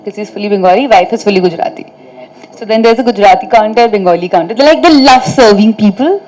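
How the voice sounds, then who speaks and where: Talking at a quick pace in a medium-pitched, slightly mellow voice, an actress answers press meet questions through chatty storytelling. She frequently laughs during funny anecdotes and says "like" and "you know" often. The audio is rough.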